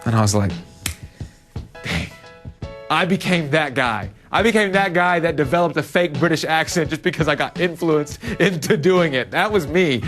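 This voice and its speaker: A man preaching a youth sermon to teenagers in a conversational, animated storytelling way. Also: medium pitch. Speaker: youth pastor.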